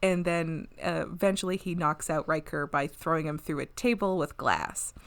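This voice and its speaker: A woman's voice: deep voice, normal speed. A woman co-hosting a podcast, recapping an episode in a chatty way and laughing often. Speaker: podcast co-host.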